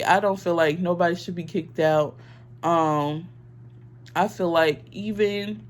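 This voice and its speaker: A young woman vlogging her opinions in casual, earnest talk, emotional and full of "like" and "um". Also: lowish voice.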